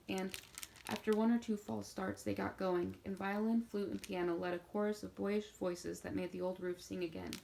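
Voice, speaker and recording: Gravelly woman reading a storybook. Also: medium pitch, a little hiss or hum, low-quality recording. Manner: steady, measured reading. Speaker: audiobook narrator. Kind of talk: storybook narration.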